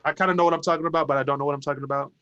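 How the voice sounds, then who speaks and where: A man's voice: on the high side, steady tone, racing, fairly bright tone, clear, resonant tone, lo-fi sound. A man co-hosting a casual sports chat, laughing often and acting out film quotes. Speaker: podcast co-host.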